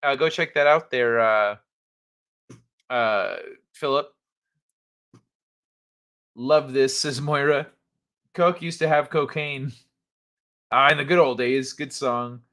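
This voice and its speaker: A man's voice: mid-range voice, takes it slowly, long pauses, a bit bright. A man hosting a casual livestream, chatting with viewers in a laid-back, hesitant way with many fillers. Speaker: livestream host.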